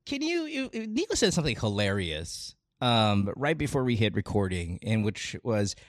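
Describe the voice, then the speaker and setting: Lively Filipino man hosting a chat. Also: lowish voice, moderate pace, dry recording, studio quality. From Philippines. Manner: lively, laughing, rambling. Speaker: podcast host. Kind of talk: casual chat.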